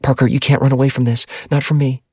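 A man's voice: mid-range voice, flat delivery, quick pace, a little mellow, husky, no room sound, clean studio sound, voice pushed up. A man voicing a distraught young woman who pleads in a strained, hurt tone. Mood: insistent.

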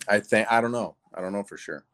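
A man's voice: fairly low pitch, normal speed, a bit bright. A man co-hosting a casual show, teasing and offhand, unsure of his facts. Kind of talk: casual chat.

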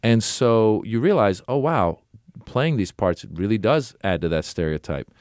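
A man's voice: fairly low pitch, expressive, unhurried, a little mellow, no echo, studio quality. A middle-aged man, a comedian and actor, telling casual anecdotes as an interview guest and acting out other people's lines. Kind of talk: casual conversational storytelling.

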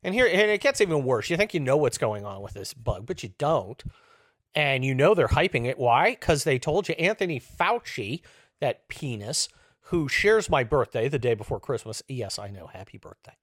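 A man in his fifties hosting a show, delivering a profane, sarcastic comedic rant that swings between loud outbursts and low muttering. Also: very animated, moderate pace, no room sound, clean studio sound. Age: 50s. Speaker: host.

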